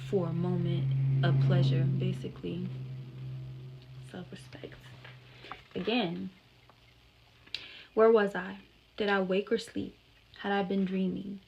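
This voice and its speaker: A woman's voice: fairly low pitch, vocal fry, darkish tone, slight background noise, poor audio. A young woman reading a classic novel aloud and breaking off for chatty, blunt commentary. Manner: chatty, blunt, swears and laughs. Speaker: book vlogger reading aloud. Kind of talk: casual reading vlog with commentary.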